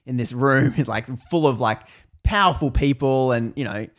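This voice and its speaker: A man's voice: medium pitch, moderate pace. A young Australian man hosting a podcast, casually retelling a story with lots of laughter and quoted voices. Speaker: podcast host.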